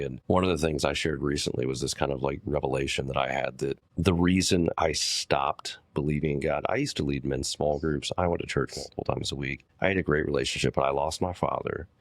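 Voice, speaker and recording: A man's voice: rumbling low, steady tone, a little fast, hardly any pauses, no echo, clean studio sound. A man hosting a podcast, talking in a candid, casual way and swearing freely. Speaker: podcast host.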